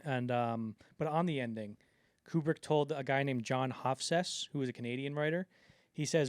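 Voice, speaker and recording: A man's voice: medium pitch, moderate pace, smooth, no room sound, studio quality. A man co-hosting a film podcast in casual chat, rambling with lots of fillers and acting out the quotes he retells. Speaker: podcast co-host.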